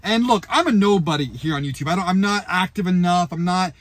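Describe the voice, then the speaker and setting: A man giving an angry, profane fan rant to camera, breaking into shouted outbursts. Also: high voice, brisk, few pauses, no room sound. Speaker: YouTuber and football fan.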